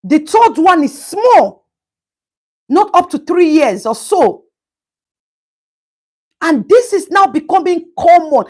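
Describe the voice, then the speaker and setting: Animated woman hosting a live stream. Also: very high-pitched, slow, long pauses. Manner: animated, greets viewers by name, Pidgin asides. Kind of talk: casual live-stream commentary.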